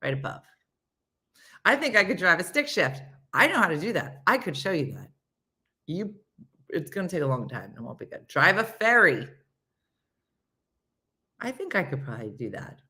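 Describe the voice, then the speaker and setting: A woman hosts a casual live chat, reading viewer comments in a playful, animated way and slipping into silly high voices and hushed whispers. She talks at normal speed and pauses often.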